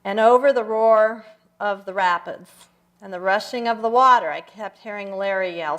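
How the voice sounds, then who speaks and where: An older woman giving a personal talk at a church service, telling stories reflectively with slow, emphatic pauses. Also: medium pitch, a bit bright. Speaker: guest speaker. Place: church sanctuary.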